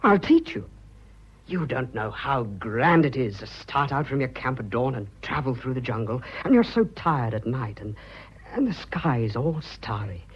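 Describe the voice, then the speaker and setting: A mid-range, expressive male voice, a little slow and slightly rough, belongs to an English actor in a 1940s radio play. He portrays an earnest, bashful young businessman professing his love, flustered and ardent, blustering and eager. The old broadcast sounds dull.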